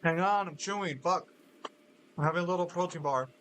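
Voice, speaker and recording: A man streaming a game, talking in profane, animated banter while mock-arguing with friends. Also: sits high, fairly quick. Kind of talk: casual gaming banter.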